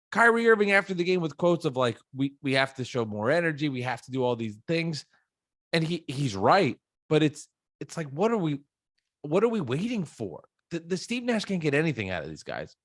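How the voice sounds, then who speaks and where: A man's voice: mid-range voice, no echo, studio quality. Blunt, frustrated man on a sports podcast. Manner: blunt, swears freely, frustrated. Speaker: podcast co-host. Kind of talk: casual sports chat.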